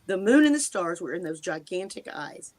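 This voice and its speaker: An older American woman tells her own story as an interview guest. She speaks in a halting, earnest way, restarting sentences and rushing or slowing as she goes. Her mouth is dry, and it catches on her words. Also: lowish voice, big pitch swings. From United States. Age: 60s. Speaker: guest recounting a personal encounter. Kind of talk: emotional first-person storytelling.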